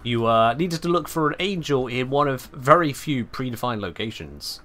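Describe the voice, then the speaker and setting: A male game streamer giving live commentary, speaking with sweeping highs and lows like an old-time radio host. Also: expressive, normal speed, bright, forceful tone.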